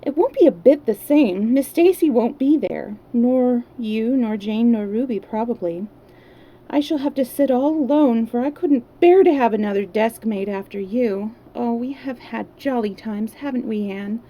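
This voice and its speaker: A woman's voice: on the high side, expressive, a little slow, highs cut off. A woman voicing a sentimental teenage girl who is sadly saying goodbye to school days, in a storybook reading. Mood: mournful. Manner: wistful, mournful. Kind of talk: storybook read-aloud.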